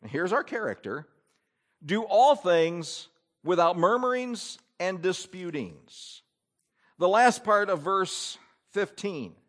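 Guy preaching a sermon, kinda high voice, bouncing all over the place, does little grumbly bits. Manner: animated preaching, acts out grumbling asides. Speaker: pastor.

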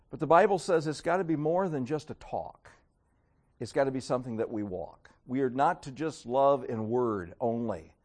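A man preaching a sermon to his congregation. His voice sits high and leaps up and down across a wide range. He keeps slipping into exaggerated, mocking voices to act out his points. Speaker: pastor.

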